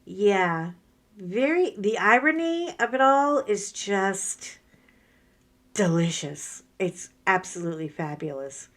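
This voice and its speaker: A middle-aged woman, chatting casually about her day while she works on crafts, telling lively stories and acting out what people said. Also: mid-range voice, slow pace. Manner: chatty storyteller, animated, acts out quoted voices. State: sore from a workout. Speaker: crafting vlogger.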